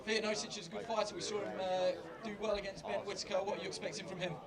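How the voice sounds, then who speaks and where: A male interviewer asking fighters questions at a quick clip in a flat, level tone. A loud crowd fills the background. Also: sits high, creaky. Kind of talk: post-weigh-in interview.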